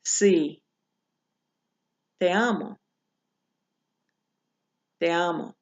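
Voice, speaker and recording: Slow, patient woman teaching pronunciation. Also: fairly low pitch. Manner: slow, patient, repeats examples aloud. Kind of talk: recorded lesson walkthrough. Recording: dull lo-fi recording.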